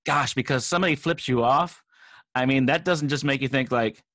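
A jokey, enthusiastic man hosting a casual live video chat, his voice bright and forceful. The sound is dry and close, with no room around him. He laughs easily with his guest. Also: mid-range voice, brisk, no echo. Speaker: host.

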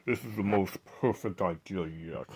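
A man voicing a sinister male villain who gloats slowly over his scheme. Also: low voice, a little mellow, slightly rough, pitched below the performer's own voice. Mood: gloating.

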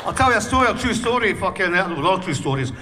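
A man's voice: sits high, big pitch swings, fast, over a noisy crowd. Laughing, foul-mouthed man. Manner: profane, laughing often, swearing constantly. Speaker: punk band singer. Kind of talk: casual interview storytelling. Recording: distant mic with faint background noise.

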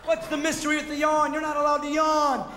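A man performing energetic, mocking stand-up comedy on stage, acting out the voices he quotes. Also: very high voice, fast. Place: theater stage before a live audience. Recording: roomy hall with audible audience noise.

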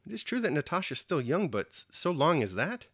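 A man's voice: a little high, big pitch swings, brisk, fairly bright tone, slightly rough, dry recording, studio quality, voice pushed up, exaggerated voice. A man reading a hesitant aristocratic mother. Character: anxious aristocratic mother, a countess. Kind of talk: audiobook reading.

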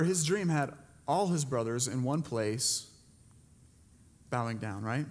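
A man's voice: fairly high pitch, in a large hall. A male pastor giving a sermon, retelling a Bible story in a conversational way and putting questions to the congregation. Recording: preached to a church congregation.

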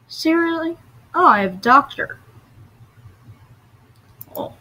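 Woman, game commentary, excitable, bright tense tone, slightly husky. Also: medium pitch, slow, pauses often, low-quality recording. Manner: excitable, dramatic outbursts; plays at odd voices. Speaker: gamer. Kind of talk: casual gameplay commentary.

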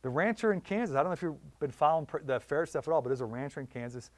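A man giving a public lecture on wildlife conservation in a library, telling stories with lively voiced quotes. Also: a little high, rapid-fire, no echo. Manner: animated storytelling with voiced quotes.

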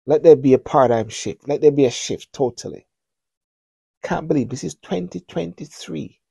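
A man's voice: on the high side, normal speed, gravelly, warm tone, breathy edge, dry recording. A middle-aged man hosting a talk show, giving earnest spoken commentary with repeated, preacher-like appeals.

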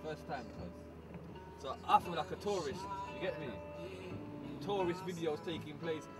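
Young guy vlogging from the car, lots of slang and banter, slightly high voice, loud music going. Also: normal speed. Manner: slangy, chatty, jokey banter, lots of filler tags. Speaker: vlogger and performer. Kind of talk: casual road-trip video diary. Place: inside a car on the motorway.

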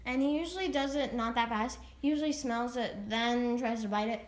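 A young girl chatting casually about her pets, rambling and restarting often. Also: a little high. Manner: rambling, halting, full of restarts. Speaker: vlogger. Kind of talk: casual pet vlog.

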